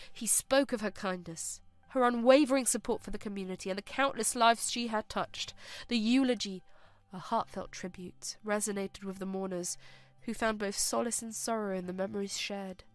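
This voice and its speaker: A woman giving a scripted, solemn and measured story narration. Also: mid-range voice, no echo.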